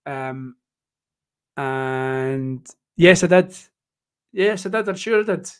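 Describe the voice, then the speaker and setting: A man's voice: medium pitch, animated, slow pace, clean tone. A man with a Scottish accent hosting a casual live tennis watchalong, chatty and joking, rambling with plenty of fillers. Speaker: host.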